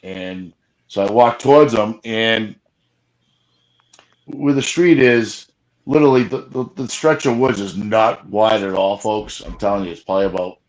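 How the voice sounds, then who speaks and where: A man excitedly retelling an encounter in casual live chat, rambling with frequent restarts and fillers. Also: fairly low pitch, low-quality recording. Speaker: Bigfoot field investigator guest. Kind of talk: casual storytelling on a live show.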